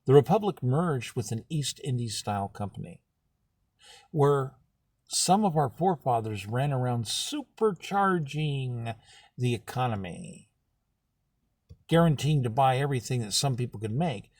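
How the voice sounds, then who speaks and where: A man speaking as a political candidate, telling a history story in an animated way and acting out the people in it. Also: mid-range voice, unhurried, no room sound. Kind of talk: campaign talk with storytelling.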